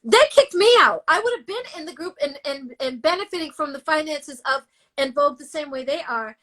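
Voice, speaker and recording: In a high voice and at a fairly quick clip, a woman guest singer tells her story during an interview. She comes across animated and emotional, blunt, sometimes cursing.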